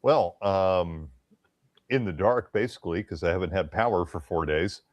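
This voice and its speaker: A man's voice: low voice, moderate pace, a little mellow, dry recording. A man from Tennessee, a guest in a casual chat, rambling, repeating words and swearing casually.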